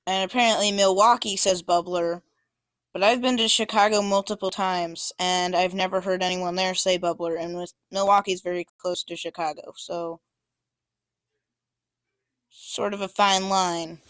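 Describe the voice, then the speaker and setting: A woman's voice: on the low side, fairly even intonation, normal speed, fairly bright tone, clean tone, no echo. Casual hesitant woman presenting maps. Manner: informal, hesitant, many fillers. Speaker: student presenter.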